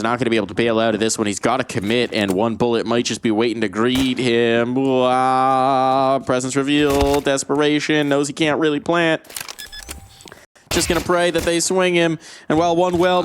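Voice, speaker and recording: A man doing live play-by-play esports commentary, excitable and quick to jump into fast shouts during big plays. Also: mid-range voice, a little hiss or hum.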